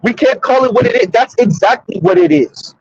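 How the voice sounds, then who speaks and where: Addressing viewers directly, a thirtysomething commentary streamer delivers a sassy, preachy monologue. He sounds high-pitched, expressive, brisk and slightly rough with a darkish tone; the lo-fi recording is dull, with no room sound.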